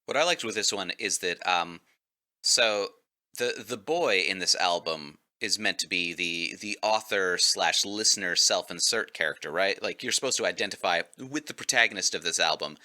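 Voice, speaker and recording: A man's voice: sits low, normal speed. A man on a music podcast panel, joking wryly in casual chat. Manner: wry, joking, animated.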